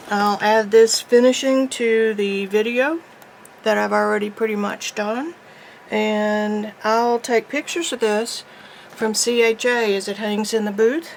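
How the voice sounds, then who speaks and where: A woman's voice: fairly high pitch, fairly even intonation, slow, pauses often, a little hiss or hum, rough recording. Chatty woman teaching painting. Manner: chatty, folksy, thinking aloud while painting. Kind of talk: casual painting tutorial.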